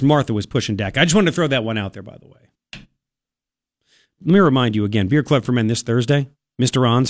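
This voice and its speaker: A man hosting a talk radio show in a studio, delivering an opinionated monologue in a sarcastic, mocking, animated way. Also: mid-range voice, no room sound. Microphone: studio microphone.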